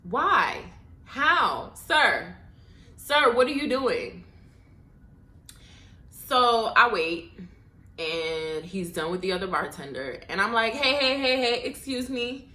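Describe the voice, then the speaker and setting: A woman hosting her own podcast, telling a casual story with animated, exasperated, swearing asides. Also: on the high side. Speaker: podcast host. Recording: echoey room.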